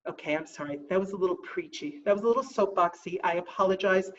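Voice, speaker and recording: A woman running a training briefing who slows down to stress key points and calls herself a fussy stickler. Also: lowish voice, recorded from a distance, dull audio. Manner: self-described fussy stickler. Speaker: contest trainer.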